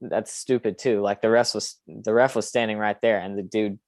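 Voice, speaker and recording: Man, young adult, low-pitched, dry sound, podcast host, opinionated, rambling, filler words. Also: fairly even intonation, normal speed, dry recording. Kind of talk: casual sports podcast chat.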